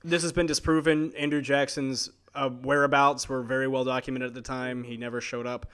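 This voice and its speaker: A man in an easygoing podcast chat, telling old stories from his notes. He breaks off for fillers and side comments, and his pitch sits in the middle of the male range. His tone stays loose and conversational. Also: little pitch movement, fairly quick, fairly bright tone, smooth. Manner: chatty storyteller, reads notes with fillers and asides. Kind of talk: casual podcast chat, reading out legends.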